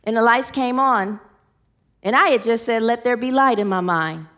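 A woman's voice: on the high side, moderate pace, fairly bright tone. A woman giving a spiritual teaching talk, repeating phrases for emphasis and leading her listeners in affirmations.

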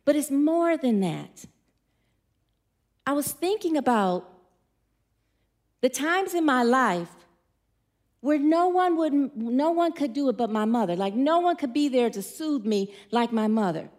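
A woman's voice: high voice, lively intonation, measured pace, pauses often. A middle-aged woman giving an informal sermon, chatty and playful, telling stories and putting questions to the congregation. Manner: warm, chatty, playful storytelling with audience questions. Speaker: speaker at a church gathering.

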